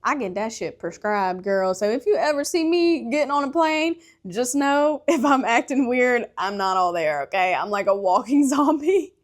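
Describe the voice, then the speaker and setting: A woman's voice: fairly high pitch, expressive, moderate pace, hardly any pauses. A young woman hosting her own podcast, chatting candidly about her life and travels, laughing often and swearing freely. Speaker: podcast host. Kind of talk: casual solo podcast chat.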